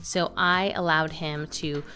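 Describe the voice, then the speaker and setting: A woman in her thirties with a fairly low voice, chatting about homeschool materials in a casual, lively way. She fills her talk with little ums and restarts, and faint music plays behind her. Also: slow pace. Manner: chatty, lively, with frequent fillers. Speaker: homeschooling mom and channel co-host. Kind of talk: casual curriculum review chat.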